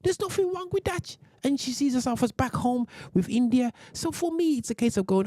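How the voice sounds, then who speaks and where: British male host, dark dry voice, heated rant with restarts. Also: lively intonation, a little fast, hardly any pauses, no echo. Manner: ranting, many restarts, sudden high exclamations. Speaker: radio show host. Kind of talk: heated commentary on a video.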